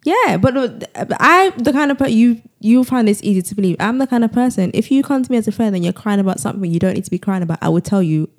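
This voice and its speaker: A woman's voice: on the high side, expressive, quick pace, few pauses. A woman co-hosting a podcast who talks bluntly and firmly in casual chat. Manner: blunt, no-nonsense.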